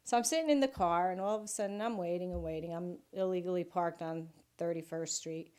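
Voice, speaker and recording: An older woman speaks in a documentary interview, with a fairly low voice. She tells family stories in a lively, anecdotal way. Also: brisk, clear, resonant tone.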